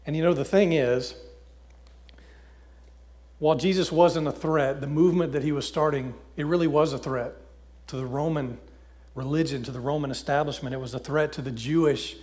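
A man preaching in a loose, conversational style, full of little fillers and restarts as he retells scripture. His voice sits a touch higher than most men's. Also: steady tone, moderate pace, pauses often, darkish tone. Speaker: pastor. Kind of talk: casual sermon with scripture reading.

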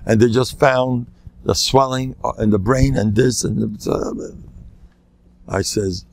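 A man's voice: mid-range voice, fairly even intonation, slow pace, a little mellow, no room sound. An older man, a rabbi, telling anecdotes in a lecture, laughing at his own jokes and acting out the voices of people in his stories. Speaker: rabbi giving a talk.

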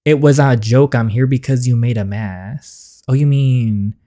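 Taking her time, a woman reads an interactive story game aloud and responds to it. She does all the characters in her own voice, and her reactions leap up high and loud.

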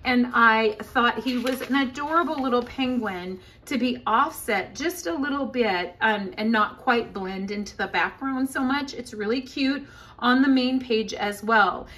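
A woman's voice: fairly high pitch, measured pace, a bit bright, a little hiss or hum. A woman giving a casual crafting tutorial, talking in a chatty, upbeat way with frequent fillers. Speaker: scrapbooking demonstrator.

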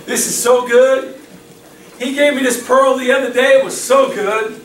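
Man, preacher, sermon, fervent, laughs often, very high pitch, faint background noise. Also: normal speed. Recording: echoey room, mic far off.

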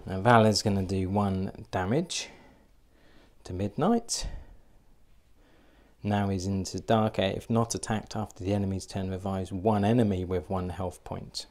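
A man with a low, gravelly voice talks slowly through his solo board game turns. He thinks aloud and pauses on fillers as he works out each move. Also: fairly even intonation, a little mellow.

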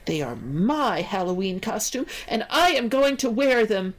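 A woman's voice: sing-song, a little slow. A woman voicing a tiny, eager young girl witch who turns stubborn, reading from a storybook. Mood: defiant. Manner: high, pleading, emphatic.

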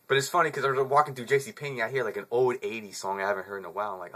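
A man's voice: medium pitch, fairly even intonation, very fast, few pauses, a bit bright. A man in his twenties casually telling a story to camera, in slangy, profane speech with frequent chuckles. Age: 20s.

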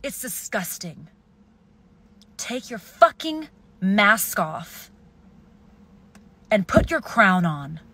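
A young woman ranting furiously and profanely at the camera, swinging between shouts and hushed hisses. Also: medium pitch, big pitch swings, extremely slow, long pauses, husky. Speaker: video poster. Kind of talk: angry self-filmed rant.

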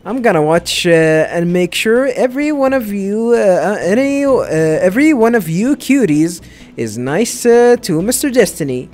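A flamboyant male spirit from a fantasy game, putting on a cutesy girlish act, as a man reads his lines. He gushes in a coy, sing-song way, pitched up high and loud, with pitch that leaps all over. Faint game music sits behind him. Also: sing-song, moderate pace. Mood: gushing, coy.

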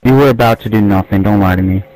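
A man trolling other players over in-game voice chat, deadpan and mock-serious. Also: lowish voice, quick pace, slight background noise, poor audio.

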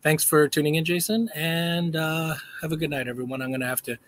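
A man hosting a casual livestream, talking in a rambling, halting way with many restarts, and switching to high baby talk when addressing a dog. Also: steady tone, fairly bright tone. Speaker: livestream host.

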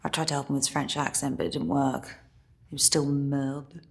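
A barista with a dry, teasing manner. Her voice is low and husky, and she stays wry and understated. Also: level tone, a little fast, heavily acted. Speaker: coffee shop worker. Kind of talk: short film acting and voice-over.

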